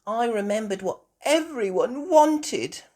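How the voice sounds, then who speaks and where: A woman voicing a cheerful little girl piglet in a read-aloud storybook, with an eager, bright manner. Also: fairly high pitch, expressive, slow pace, pitched above the performer's own voice. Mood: chirpy.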